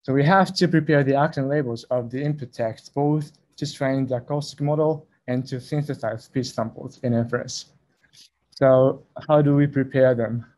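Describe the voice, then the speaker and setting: A man's voice: mid-range voice, steady tone, normal speed, darkish tone. A young man presenting a research talk at a conference over a video call, speaking carefully and a little hesitantly.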